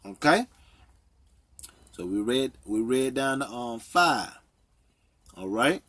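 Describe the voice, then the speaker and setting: Slow, deliberate man teaching scripture. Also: mid-range voice, lively intonation, a bit bright, dry recording. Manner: reads scripture slowly, explaining with frequent "okay?". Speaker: Bible teacher. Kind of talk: Bible study sermon.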